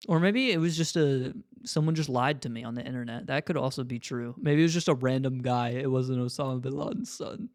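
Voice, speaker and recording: A young man in casual podcast banter, mid-pitched and loose, swearing freely between laughs. The sound is dry and close, with no room around it. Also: fairly quick, hardly any pauses, a little mellow, no echo. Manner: loose, joking, swears often. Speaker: podcast co-host. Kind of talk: casual chat.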